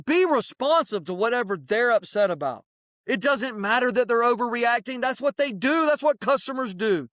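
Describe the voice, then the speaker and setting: Podcast co-host, male, higher-pitched, blunt and animated, dry close recording. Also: fairly quick, no echo. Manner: animated, preachy advice-giving; plain-spoken, mild swearing. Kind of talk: casual chat.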